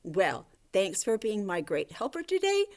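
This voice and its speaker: A woman teacher giving a gentle, coaxing video lesson to young children, talking to a puppet. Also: medium pitch, huge pitch swings, unhurried. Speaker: elementary school teacher.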